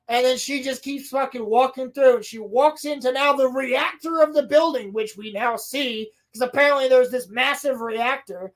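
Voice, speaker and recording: A high-pitched woman tears through a show recap with sarcastic disbelief and plenty of swearing. She acts out each character's lines with big, animated energy while co-hosting a casual podcast. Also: normal speed. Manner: sarcastic, profane, exasperated; animated storytelling with acted-out quotes. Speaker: podcast co-host.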